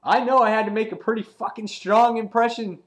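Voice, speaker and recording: A cocky, foul-mouthed villain with a bat, jeering loudly and crudely at everyone around him, his voice pitched well up and pushed hard. A man reads him out in a comic review. He sounds delighted with his own menace. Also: steady tone, brisk, natural voice. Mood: mocking. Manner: loud, mocking, crude taunts.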